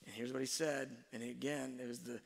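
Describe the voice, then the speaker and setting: A middle-aged man telling a personal story in a soft-spoken, earnest way that often trails off quietly. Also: medium pitch, level tone, brisk, vocal fry. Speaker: speaker sharing a parenting story. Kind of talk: reflective personal storytelling talk. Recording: long hall reverb.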